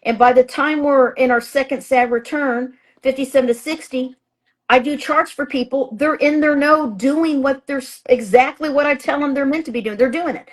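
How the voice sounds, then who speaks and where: Woman astrologer in casual interview talk, fairly high voice, chatty and emphatic, lots of fillers. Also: steady tone, normal speed. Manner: acts out her own past thoughts in a raised voice. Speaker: astrologer and author, guest.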